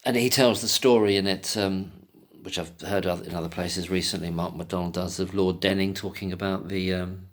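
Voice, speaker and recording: A man in an angry solo rant, agitated and sweary, stumbling over restarted words in rapid outbursts. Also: low-pitched, steady tone. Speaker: commentator.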